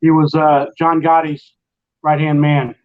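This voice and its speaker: Brief: middle-aged male host, rambling animated storyteller, fairly high voice, slightly muffled lo-fi audio. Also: a little slow. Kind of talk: casual late-night chat.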